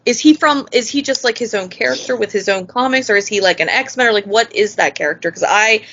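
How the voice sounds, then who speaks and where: A woman's voice: on the high side, brisk, a bit bright, a little hiss or hum. A woman co-hosting a podcast in casual chat, asking hesitant, self-correcting questions. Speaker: podcast co-host. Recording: slightly dull audio.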